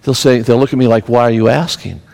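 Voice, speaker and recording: A man preaches to his congregation, slipping from quiet personal stories into emphatic, building exhortation. His voice sits in a middle register. The sound carries a long reverb from a large church hall. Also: mid-range voice, steady tone, fast, creaky. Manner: storytelling, rising to emphatic preaching. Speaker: pastor. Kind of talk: sermon.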